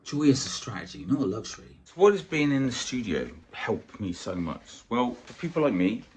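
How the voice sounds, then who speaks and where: A man in a casual motivational vlog, coaching on weight loss in a blunt, sweary, animated way. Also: mid-range voice, normal speed, a little hiss or hum.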